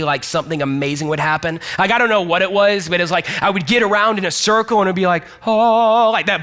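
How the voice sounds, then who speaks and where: A man's voice: high-pitched, bright, forceful tone. A young man from Georgia in the US, a pastor giving a chatty, conversational sermon and speaking straight to his listeners. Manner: chatty, self-deprecating, addresses listeners directly.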